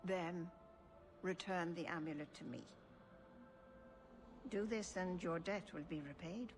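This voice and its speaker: A woman's voice: lowish voice, over music, close to an everyday voice. A woman playing a solemn old elf elder. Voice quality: measured, solemn, formal. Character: wise, calm elderly female elf keeper. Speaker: elf clan elder in a video game. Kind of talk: video game voice acting.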